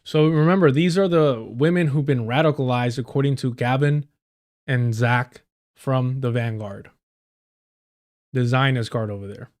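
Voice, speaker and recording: A man's voice: medium pitch, steady tone, unhurried, darkish tone. A man streaming live and reacting to clips with profane, sarcastic commentary. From United States. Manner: profane, sarcastic, mocking voices of clip figures.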